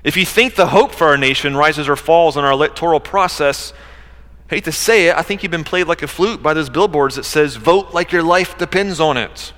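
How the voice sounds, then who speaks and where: A middle-aged pastor delivers a sermon, pressing his points with rhetorical questions. His voice sits a little high and sounds bright and forceful. The sound carries the long reverb of a large sanctuary. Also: brisk. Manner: preaching with rising emphasis and rhetorical questions.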